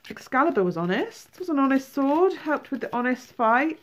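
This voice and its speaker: A woman giving a tarot reading, animated, exclaiming and acting out feelings. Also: high voice, moderate pace, few pauses. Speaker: tarot reader.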